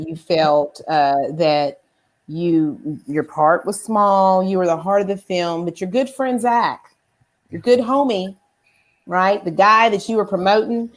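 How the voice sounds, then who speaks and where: Blunt Southern woman hosting a show. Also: mid-range voice. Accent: Southern US, Kentucky. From Kentucky, USA. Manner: blunt, profane, lots of fillers and "right?". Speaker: host. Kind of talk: casual online show chat.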